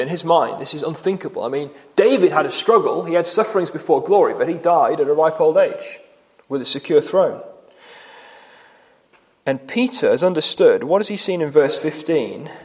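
A man preaching a sermon, emphatic, with shifts in pace and loudness for stress. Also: a little high, lively intonation, moderate pace, pauses often. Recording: long reverb of a church hall.

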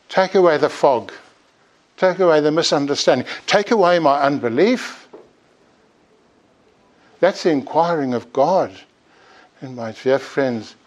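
A man preaching a sermon, earnestly urging his listeners and pleading with rising emphasis. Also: mid-range voice.

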